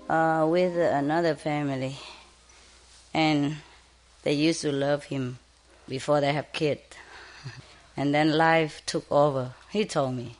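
A woman with a deep, low voice talks slowly and tenderly to a parrot, coaxing it in plain, broken English. She sounds like a bird rescuer chatting casually with her viewers.

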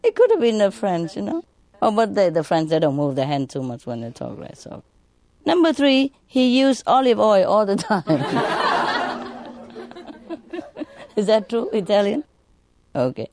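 Slow, playful woman telling jokes. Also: medium pitch, wildly swooping pitch, a little mellow. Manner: playful, laughs between lines, teases listeners with questions. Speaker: spiritual teacher. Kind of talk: telling jokes to a live audience.

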